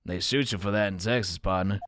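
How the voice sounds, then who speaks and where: A man's voice: on the low side, brisk, a bit bright, a little hiss or hum, voice pushed down, natural voice. A man voicing a swaggering cowboy lawman in a put-on cowboy drawl, teasing and calling everyone partner. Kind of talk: voicing game dialogue.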